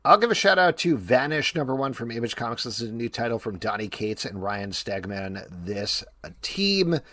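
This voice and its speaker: A man co-hosting a comics podcast, making wry deadpan jokes. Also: medium pitch, moderate pace, no room sound. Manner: dry jokey, wry. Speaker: podcast co-host. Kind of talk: casual chat.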